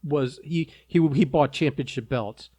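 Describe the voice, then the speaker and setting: A man's voice: mid-range voice, a little slow, crowd noise. A man co-hosting a podcast in casual chat, sarcastic and laughing often. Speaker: podcast co-host.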